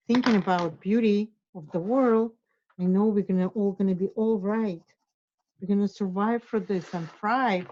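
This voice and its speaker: An art instructor leads a drawing lesson, encouraging her students while she draws. Her medium-pitched voice is mellow and warm, though the recording sounds somewhat dull.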